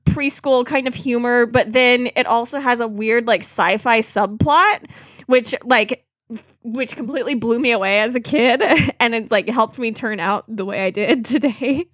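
A woman's voice: a little high, moderate pace, fairly bright tone, no echo, studio quality. A woman co-hosting a casual podcast chat, giggling and breaking into silly cartoon impressions. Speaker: podcast co-host.

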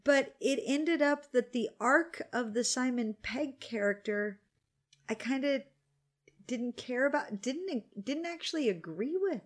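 A woman in her forties with a slightly high voice chats casually on a podcast over a glass of wine. She talks candidly, grumbles about her day and swears freely. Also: expressive, measured pace. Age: 40s. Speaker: podcast co-host.

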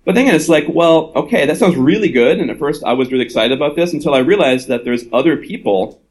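A man's voice: a little high, animated, fast, low-quality recording. A man, an author speaking at a live gathering, who reasons aloud in an earnest, conversational way and often slips into quoted voices.

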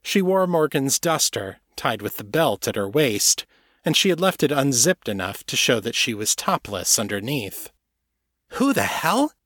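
A man narrating his own serialized fiction in a measured, even reading. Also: mid-range voice, no echo, studio quality. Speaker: author and audiobook narrator. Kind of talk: scripted narration.

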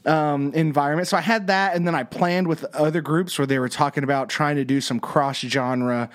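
A man's voice: a little high, steady tone, normal speed. A man hosting a podcast, telling stories in a rambling, enthusiastic way. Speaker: podcast host. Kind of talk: casual podcast chat.

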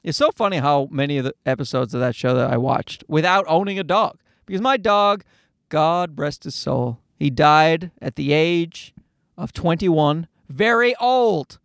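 A man's voice: fairly high pitch, animated, measured pace, creaky, no echo, studio quality. A man hosting a casual comedic monologue, ranting with plenty of profanity and jumping between tangents.

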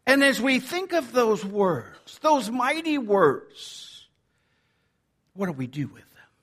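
A man preaches a Sunday sermon with a high, lively voice that leaps up and down in pitch. He pushes some lines out loudly and drops others to a near-whisper. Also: takes it slowly. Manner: animated preaching, swinging from loud to near-whisper. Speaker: pastor.

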